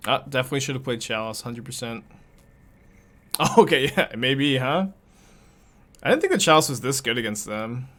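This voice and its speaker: A man's voice: mid-range voice, lively intonation, normal speed, pauses often, fairly bright tone. A young man casually commenting on a card game as he plays, thinking aloud and laughing often.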